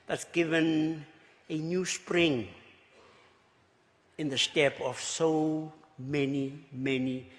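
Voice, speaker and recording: A South African archbishop giving a luncheon speech, halting and repeating words, swinging between hushed remarks and exclamations with chuckling asides. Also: male voice, fairly high pitch, steady tone. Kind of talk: after-dinner speech. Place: luncheon banquet hall. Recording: reverberant banquet hall.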